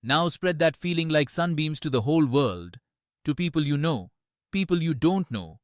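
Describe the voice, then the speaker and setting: A woman doing a gentle, low-voiced male teacher. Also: lively intonation, dry recording, clean studio sound. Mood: calm soothing. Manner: soft, slow, soothing meditation guidance.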